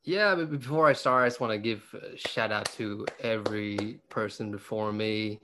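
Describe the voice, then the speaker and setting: A man's voice: lowish voice, normal speed, background noise. A young man from Vietnam with a Vietnamese accent, a stand-up comedian chatting as a guest, joking and laughing often between fillers. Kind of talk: casual interview chat.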